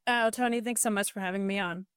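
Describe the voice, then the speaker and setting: A woman's voice: medium pitch, fairly even intonation, quick pace, a bit bright, smooth, no room sound, clean studio sound. A middle-aged woman, a podcast guest, telling a heartfelt story with earnest emotion and frequent restarts.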